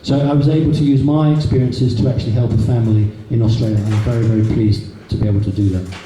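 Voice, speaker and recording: A man's voice: medium pitch, steady tone, fast, warm tone, far from the mic. A man giving an anecdotal public talk to an audience, in a chatty storytelling way with repeated words. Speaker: guest speaker. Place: meeting hall. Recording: echoey hall from a room recorder, faint noise.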